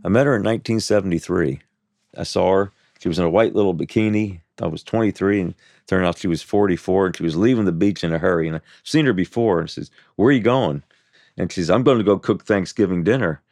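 A man in his seventies telling his life story in an interview, halting and full of restarts and "you know" fillers. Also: low voice, a little mellow. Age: 70s.

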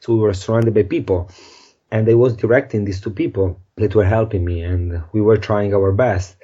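A man's voice: lowish voice, moderate pace, dark tone, muffled recording. Earnest man telling a story. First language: Italian. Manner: earnest, non-native phrasing, restarts words. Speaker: podcast guest. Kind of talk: emotional storytelling.

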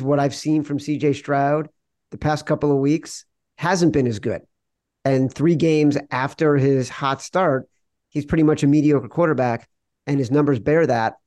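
A man's voice: mid-range voice, darkish tone, no room sound, studio quality. A man co-hosting a sports betting podcast, arguing his picks in a wry, insistent way. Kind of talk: casual sports betting debate.

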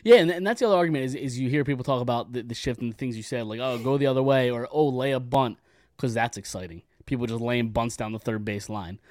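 A man's voice: mid-range voice, fast, few pauses, a little mellow, dry recording. A man guesting on a sports podcast, talking casually and at length, often repeating words as he starts a thought.

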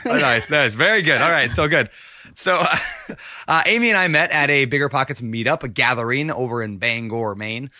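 Male podcast host, upbeat, playful, chatty, bright voice, dry sound. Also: medium pitch, animated, moderate pace, no echo. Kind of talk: casual podcast interview.

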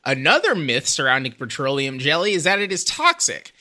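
A podcast co-host in casual chat who gets excited, shares odd facts and swears freely. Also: mid-range voice, fairly quick.

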